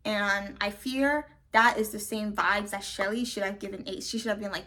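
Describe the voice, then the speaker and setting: A young woman giving a casual, opinionated recap of a reality show, ranting in an animated way and often saying "like" and "okay". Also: mid-range voice. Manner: animated, ranting, fast, says "like" and "okay" a lot.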